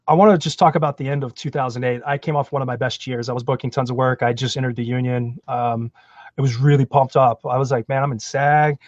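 A man from Florida telling his career story in a podcast interview, animated and self-deprecating. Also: medium pitch, dry recording, highs cut off. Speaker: guest, actor.

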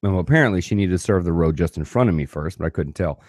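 A man telling a personal story in a casual, animated way, swearing freely. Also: deep voice, quick pace, no echo, studio quality.

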